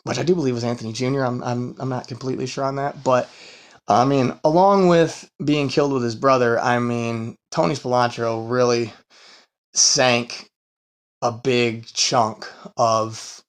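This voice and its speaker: A man's voice: mid-range voice, steady tone, a little slow. A man hosting a casual true-crime podcast, rambling and swearing between fillers, tired from a long work week. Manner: rambling and profane, full of fillers and laughs. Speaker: podcast host.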